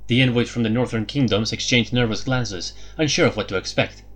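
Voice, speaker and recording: A man narrating a fantasy audiobook in a steady, even reading. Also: mid-range voice, fairly quick.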